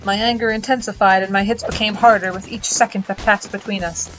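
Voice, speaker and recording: A woman's voice: medium pitch, fairly even intonation, fairly quick, fairly bright tone, soft background music, poor audio. A woman reading a visual novel aloud as host, casual and swearing freely in her asides. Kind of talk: reading game narration aloud with joking asides.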